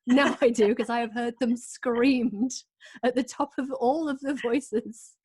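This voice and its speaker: A woman hosting a casual video-call chat, telling lively anecdotes and laughing often. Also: a little high, measured pace, breathy edge. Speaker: host and author.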